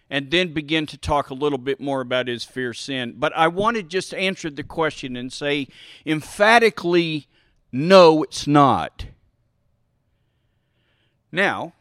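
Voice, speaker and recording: Slow, bright-voiced male preacher. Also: fairly high pitch, dry recording, studio quality. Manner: asks the listeners questions and answers them himself; emphatic, repeats key phrases. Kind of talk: sermon with Bible reading.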